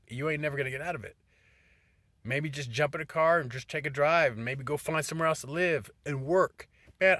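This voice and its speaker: A man's voice: on the high side, a bit bright, dry recording. A middle-aged man giving a rambling, profane motivational talk to his phone camera from a parked car. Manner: profane, meandering, restarts often. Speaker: vlogger.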